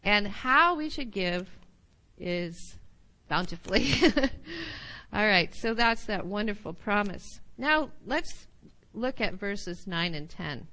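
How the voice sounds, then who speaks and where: A woman teaching a Bible study class, animated, often checking in with her listeners. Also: medium pitch, slow, rough recording.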